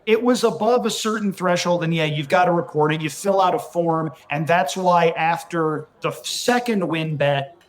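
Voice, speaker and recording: A man's voice: fairly high pitch, moderate pace, hardly any pauses. A man on a podcast as a guest, explaining betting and taxes in a matter-of-fact casual way. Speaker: podcast guest, racing handicapper. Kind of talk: casual chat.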